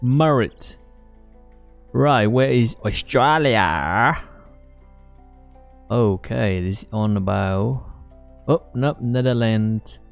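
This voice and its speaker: A man giving halting, rambling commentary while playing a game, with many fillers. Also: medium pitch, gravelly, faint music behind. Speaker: let's play host. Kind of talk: casual gameplay commentary.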